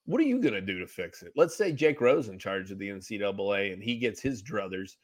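A male podcast host teases his guest and then moves on to the next question. His pitch swings widely, and the sound is dry and close. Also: sing-song, dry recording. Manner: joking, quick to laugh. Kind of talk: casual podcast chat.

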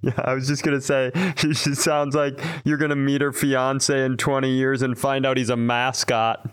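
A man's voice: mid-range voice, flat delivery, moderate pace, clear, resonant tone. A man co-hosting a podcast, chiming in with dry reactions and wry one-liners. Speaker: podcast co-host. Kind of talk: casual comedic chat.

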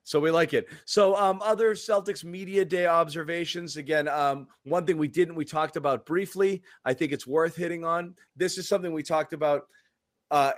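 Man, sports podcast host, fairly high voice, dry close sound, relaxed and joking. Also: normal speed, no room sound. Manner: relaxed, joking, reads sponsor spots. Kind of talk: casual sports podcast chat.

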